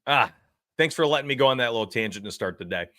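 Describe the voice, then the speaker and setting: A man's voice: medium pitch, expressive, fast talker, bright, forceful tone, no echo, studio quality. A man hosting a sports betting livestream, rambling brashly and reading chat messages aloud. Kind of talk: casual livestream talk.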